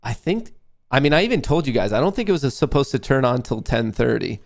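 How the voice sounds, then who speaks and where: Here a livestream trading host rambles and swears his way through casual chat while trading. His mid-range voice is nasal and gravelly, brisk in pace, with big swings in pitch.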